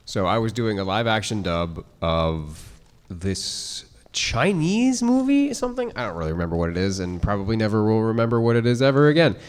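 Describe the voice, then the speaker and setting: A young man tells a lively story on a convention stage, his voice sitting a little low. Long reverb from the hall trails behind each phrase. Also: normal speed. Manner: animated anecdote telling with impressions. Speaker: voice actor panelist.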